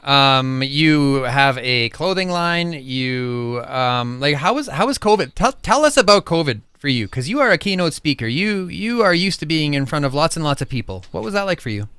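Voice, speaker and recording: A man's voice: fairly high pitch, sing-song, normal speed, hardly any pauses, sharp tone, clean tone, no echo. A man hosting a podcast, telling stories animatedly and emotionally, casually swearing. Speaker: podcast host. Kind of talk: casual interview chat.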